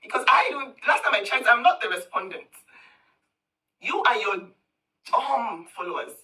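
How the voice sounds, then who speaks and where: A woman delivers a heated, scornful rant in a piercingly bright, forceful voice. She taunts and talks down at her target. She sits a little back from the mic, so the sound is slightly distant. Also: fairly high pitch, sing-song, normal speed. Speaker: social media commentator. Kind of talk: heated direct-to-camera rant.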